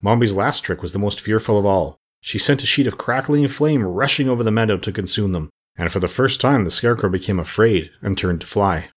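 A man reading a storybook aloud in a measured, steady narration. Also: fairly low pitch. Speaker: audiobook narrator.

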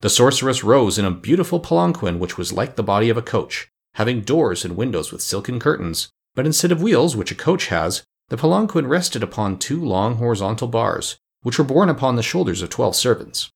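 A man narrating a classic children's storybook in a measured, even reading. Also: medium pitch, vocal fry, breathy edge. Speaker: audiobook narrator. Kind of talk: scripted narration.

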